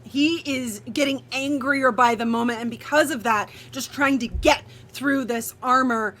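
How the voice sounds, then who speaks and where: A woman acting as game master, narrating a tabletop role-playing game and calling out dice results with frequent laughter. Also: high-pitched. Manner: bright, laughing and quick between dice rolls.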